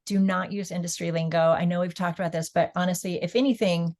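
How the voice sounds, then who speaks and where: A woman's voice: fairly low pitch, flat delivery, fast, a little mellow. A woman on a webinar panel, giving earnest advice with many fillers and restarts. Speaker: panelist, author.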